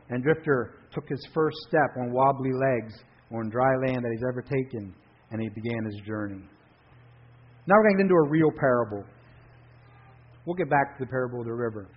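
A man preaching a sermon, telling a parable with earnest, animated storytelling. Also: mid-range voice, breathy edge. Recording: dull lo-fi recording.

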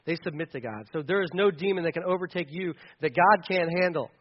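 A man's voice: on the high side, quick pace, lo-fi sound. A man preaching a conversational sermon as a pastor, casual and chatty, often restarting his sentences with fillers.

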